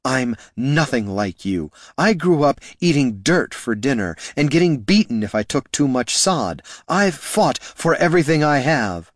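A proud young sorceress with a sharp, defiant tongue, as a man reads her. Her lines come out clipped and biting, raised a little above the reader's low voice. A dry, close audiobook sound. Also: lively intonation, measured pace, no echo. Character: fierce proud young woman mage.

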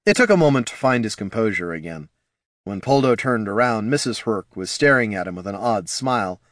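Man, storybook narration, expressive, animated pitch, dry close mic. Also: brisk, no room sound. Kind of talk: scripted narration.

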